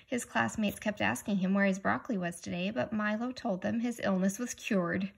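A woman reading a children's chapter book aloud, stopping now and then to ask young listeners gentle questions. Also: mid-range voice, fairly even intonation, normal speed, gravelly, breathy edge. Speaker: reader.

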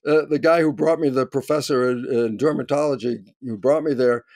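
An older man, a scientist, telling a story in conversation with lively energy, acting out quoted voices and rising to near shouts. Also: medium pitch, a little fast, no echo. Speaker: guest scientist.

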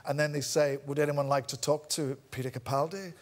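Wry Scottish man, slightly high voice. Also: steady tone, brisk. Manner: wry, self-deprecating storytelling. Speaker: talk show guest. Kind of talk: anecdote on a chat show. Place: TV studio.

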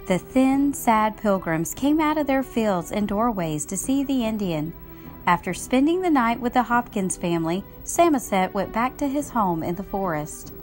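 A woman reading a children's picture book aloud, telling the story in an expressive, gently paced way. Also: mid-range voice, moderate pace, soft background music. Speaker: storybook reader.

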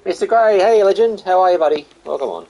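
A man's voice: sits high, lively intonation, quick pace, dark tone, rough recording. A young Australian man chatting casually with viewers on a live game stream, greeting them by name and calling them mate and buddy.

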